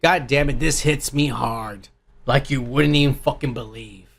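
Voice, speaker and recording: A man's voice: medium pitch, moderate pace, gravelly, a bit bright. A man hosting a podcast, delivering an angry, profane rant in a movie review and swearing constantly. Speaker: podcast host.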